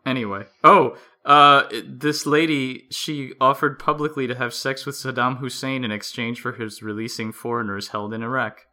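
Bright-voiced man telling stories on a podcast. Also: mid-range voice, normal speed, hardly any pauses. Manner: animated storyteller, reads aloud with playful asides. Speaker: podcast co-host. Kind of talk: casual podcast chat.

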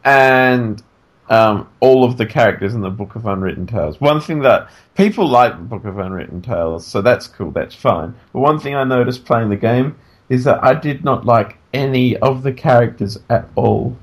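A man co-hosting a casual podcast from bed, sleepy and yawning, talking in an animated, joking way that trails off and restarts. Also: medium pitch, normal speed. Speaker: podcast co-host. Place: in bed at home.

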